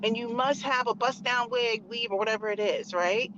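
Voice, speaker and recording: A woman's voice: on the high side, fairly even intonation, moderate pace. A married woman hosting her own channel, giving outspoken, emphatic commentary in a conversational way while driving. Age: adult, married. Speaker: channel host. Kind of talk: opinionated commentary vlog. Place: in a car on a back road. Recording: muffled car recording with road noise.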